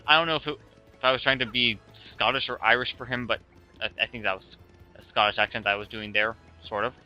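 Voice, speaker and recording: Laid-back rambling let's play guy. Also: mid-range voice. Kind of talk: casual game commentary. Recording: dull lo-fi with music.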